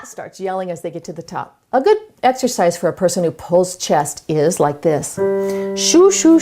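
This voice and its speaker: Lively-voiced woman vocal coach. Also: fairly low pitch. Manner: clear, measured explanations with sung exercise demonstrations. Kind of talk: instructional voice lesson.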